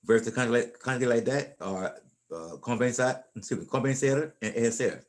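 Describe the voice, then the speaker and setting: A man teaching a language class in a loose, conversational way. He talks at an ordinary middle pitch and often repeats or restarts words as he works through an explanation. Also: brisk. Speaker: Spanish teacher. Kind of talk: casual classroom lesson.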